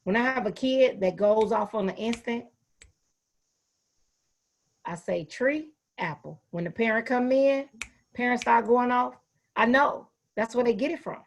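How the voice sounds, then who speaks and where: High-voiced woman hosting a video-call talk. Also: measured pace, pauses often. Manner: lively storytelling, calls people baby and sweetie. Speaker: host and educator. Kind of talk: casual panel discussion.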